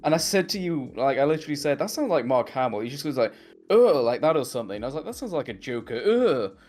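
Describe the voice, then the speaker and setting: A man's voice: medium pitch, expressive, rapid-fire, a little mellow. A man co-hosting a podcast, chatting loosely about a cartoon series, rambling and swearing casually. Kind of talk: casual chat.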